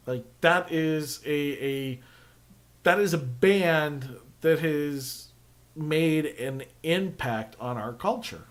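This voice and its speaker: A man chats through a loose podcast monologue. His voice sits a little higher than most men's and has a bright, forceful edge. He wanders through his stories with constant fillers and easy swearing. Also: animated, takes it slowly. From Western Pennsylvania. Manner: rambling, lots of fillers and swearing. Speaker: podcast host. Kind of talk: casual storytelling monologue.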